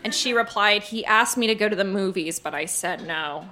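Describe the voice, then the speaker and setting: Bright-voiced woman reading a diary on stage. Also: mid-range voice, moderate pace. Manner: dramatic, gushing delivery with comic timing. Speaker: live show reader. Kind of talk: reading teenage diary aloud to a live audience. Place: stage before a laughing audience.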